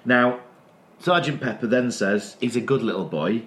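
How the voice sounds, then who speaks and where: A man's voice: medium pitch, normal speed, fairly bright tone. A man, chatting casually as a podcast co-host, rambling and restarting as he retells scenes. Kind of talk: casual chat.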